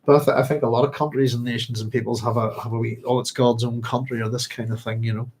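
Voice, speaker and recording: A man's voice: medium pitch, flat delivery, quick pace, darkish tone, a little hiss or hum. A man hosting a book club stream, reading passages aloud and rambling between them with frequent chuckles. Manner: rambling and chatty, chuckles often. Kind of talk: casual livestream book chat with reading aloud.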